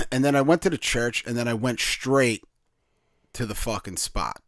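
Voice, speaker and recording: A man's voice: mid-range voice, expressive, moderate pace, gravelly, no room sound, clean studio sound. A man co-hosting a podcast in casual chat, laid-back and drawling, with casual swearing. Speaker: podcast co-host.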